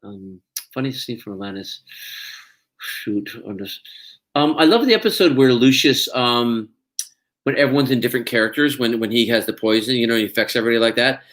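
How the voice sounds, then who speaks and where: A man's voice: medium pitch, fairly quick, fairly bright tone. A man, an actor being interviewed, chatting casually and telling stories with frequent laughs. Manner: chatty storyteller, laughs often.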